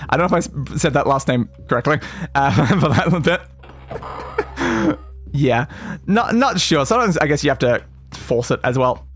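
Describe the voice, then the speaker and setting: Streaming a retro RPG, a man with a voice on the high side and a bit bright keeps up casual let's-play chatter. He rambles, using many fillers and restarting often.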